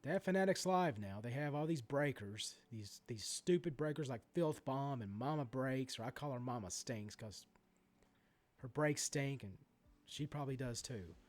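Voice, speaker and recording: A sports card collector in his forties rants in a vlog about card prices, animated and swearing freely, with many asides and restarts. His voice is medium-pitched and his pace moderate.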